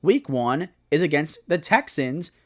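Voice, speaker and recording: Young guy doing a football preview solo, voice jumps all over, kinda high. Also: unhurried. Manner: animated, self-correcting analysis. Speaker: sports commentator.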